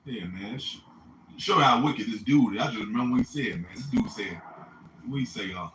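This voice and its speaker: A man's voice: lowish voice, brisk. A man in a casual group chat, blunt and profane, ending lines with "man" and "bro". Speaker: group discussion member. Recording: echoey room, far from mic, faint hiss.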